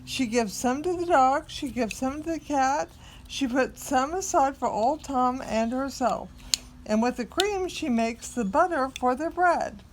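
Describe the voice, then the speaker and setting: A woman reading a picture book aloud to a small child, expressive and coaxing the child to join in. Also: high-pitched, measured pace, a little hiss or hum.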